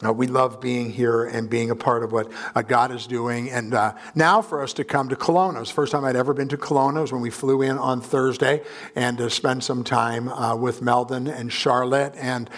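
A man preaching a guest sermon in a church, earnest and conversational, with frequent pauses and filler sounds. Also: medium pitch, fairly even intonation. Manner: earnest, many filler uhs and ums. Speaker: pastor. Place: church sanctuary.

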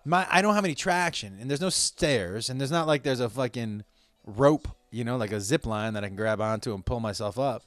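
A man telling a rambling, profane story to his listeners in a casual way, with sudden loud outbursts. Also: mid-range voice, fairly quick, no room sound.

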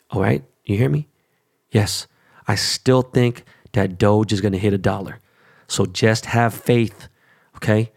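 A man's voice: fairly low pitch, moderate pace, vocal fry, a little mellow, slightly rough. A man ranting casually to his viewers about crypto and sports teams, rambling, hyped and full of swearing. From Korean descent stated, not origin. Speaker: vlogger. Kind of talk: casual rant to camera.

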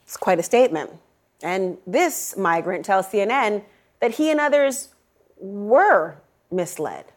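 A woman's voice: medium pitch, animated, measured pace. A middle-aged woman anchoring an evening news show, pointed and sarcastic, stretching key words for emphasis.

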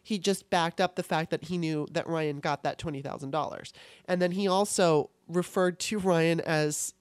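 A woman hosting her podcast alone, upset and tearful, talking candidly with frequent swearing and halting restarts. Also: lowish voice, fairly even intonation, clear, resonant tone, dry recording. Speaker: podcast host. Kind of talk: emotional solo podcast monologue.

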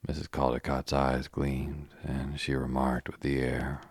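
Very deep, husky male narrator. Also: no room sound. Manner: even, unhurried reading. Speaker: audiobook narrator. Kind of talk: calm bedtime audiobook narration.

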